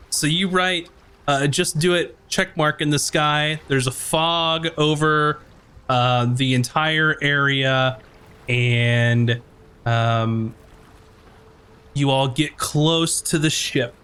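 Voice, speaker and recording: A man's voice: a little high, slow pace, pushed and bright, clear, resonant tone. A man narrating as game master of a tabletop game, rambling with many fillers.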